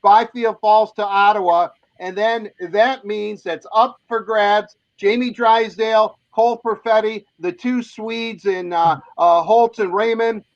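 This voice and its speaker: An older man chats about sports at a high pitch, stammering and restarting his sentences. His voice comes through dull and close, with no room around it. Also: fairly even intonation, no room sound. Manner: halting, repeats words. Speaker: co-host, sports talk. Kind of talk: casual sports chat.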